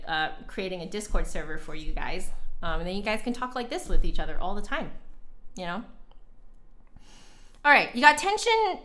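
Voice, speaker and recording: A woman's voice: mid-range voice, fairly bright tone. Giggly young woman chatting on stream. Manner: chatty, giggly, reads chat aloud. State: a little out of breath. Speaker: flutist streamer. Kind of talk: casual live-stream chat.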